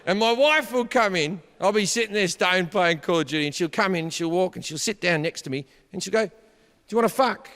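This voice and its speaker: A man performing a stand-up routine, profane and bursting into shouts. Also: high voice, fairly quick, few pauses. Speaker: stand-up comedian. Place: theater stage before a live audience. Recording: long hall reverb with audience noise.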